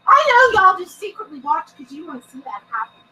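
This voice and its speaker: A woman's voice: extremely high pitch, big pitch swings, a little fast, pushed and bright, recorded from a distance, poor audio. A woman hosting a paranormal live stream, giggly and bubbly, who swears a lot and talks to her chat from home. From Texas. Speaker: paranormal show host.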